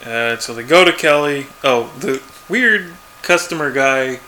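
A man's voice: mid-range voice, expressive, unhurried, pushed and bright, a little hiss or hum. A man chatting casually as a podcast co-host, laid-back and chuckling, acting out quoted lines. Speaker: podcast co-host recapping a TV episode. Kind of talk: casual chat.

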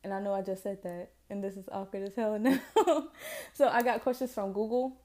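A woman's voice: medium pitch, flat delivery, fairly quick, warm tone. A woman in her twenties from Jacksonville, Florida, with a Southern accent, chatting casually and slangily as she hosts her own podcast. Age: 20s. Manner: chatty, rambling, self-deprecating, slangy. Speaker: podcast host. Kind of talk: casual solo podcast chat.

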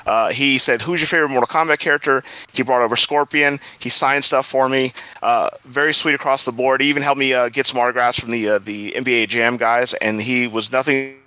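A man guest on a gaming podcast, telling animated stories in casual chat and laughing often. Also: mid-range voice, brisk, no room sound, rough recording. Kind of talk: casual storytelling.

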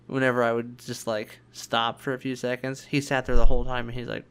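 A man's voice: medium pitch, little pitch movement, brisk, fairly bright tone, smooth. A man co-hosting a casual podcast, chatting and telling childhood stories with acted-out quotes. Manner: chatty storyteller, acts out quoted voices. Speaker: podcast co-host. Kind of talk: casual chat.

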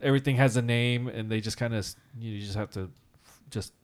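A man co-hosting a casual podcast, a teacher who tells animated stories, acts out quotes and talks with many fillers. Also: mid-range voice, a little fast. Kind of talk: casual chat.

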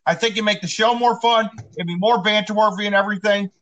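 A man on a football talk show, arguing emphatically and repeating his points, clearly fired up. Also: high-pitched, steady tone, quick pace, fairly bright tone, lo-fi sound. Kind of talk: heated sports debate.

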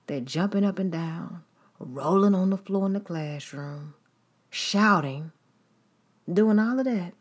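A woman's voice: on the low side, expressive, slow. A woman preaching a sermon in an emphatic, repetitive style, building points through long lists.

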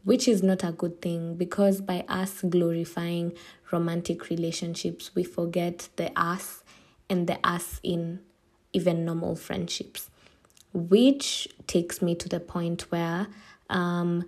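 Mellow, unhurried woman podcasting. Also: on the low side, fairly even intonation. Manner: chatty, emotional, laughs easily. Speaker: podcast host. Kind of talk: casual solo podcast talk.

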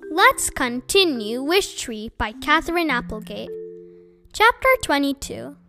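A woman reading a children's book aloud as host of her own storytime, in an expressive, animated way. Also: high voice, a little slow, faint music behind.

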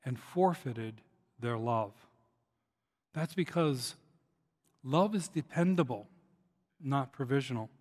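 A middle-aged man preaching a sermon, telling stories with a loud, lively push and dropping to a soft, low voice on his key points. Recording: long reverb of a large hall.

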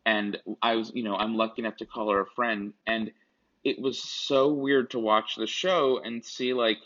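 This podcast co-host is a man whose lowish, fairly bright voice moves at a moderate pace with fairly even intonation. He chats casually and meanders, frequently starting over and tossing in asides, all captured in dull, lo-fi audio.

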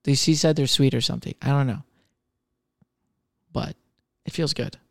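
A man's voice: mid-range voice, steady tone, moderate pace, vocal fry, no room sound, clean studio sound. A young man hosting a comedy podcast on his own, chatting loosely, rambling, swearing freely and laughing at himself. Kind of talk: casual solo chat.

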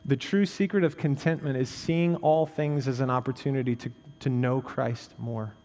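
A male pastor preaching a sermon in a conversational way, tossing in "right?" asides and jokes, swinging from raised, intense emphasis to quiet, low stresses. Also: fairly even intonation, moderate pace, big-room sound.

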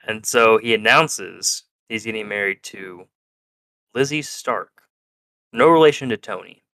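Man, casual podcast recap, laughs a lot, acts out lines, bright tone, dry close sound. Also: fairly low pitch, a little slow, no room sound. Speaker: podcast co-host.

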